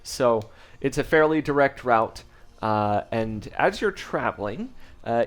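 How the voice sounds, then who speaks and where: Lively-voiced man narrating as game master. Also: medium pitch, a little slow. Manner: descriptive, hesitant with fillers.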